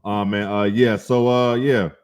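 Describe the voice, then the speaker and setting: Low-voiced laid-back podcast man. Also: fairly even intonation, crowd noise. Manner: laid-back, swears casually, drawn-out sign-off. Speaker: podcast co-host. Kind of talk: casual chat.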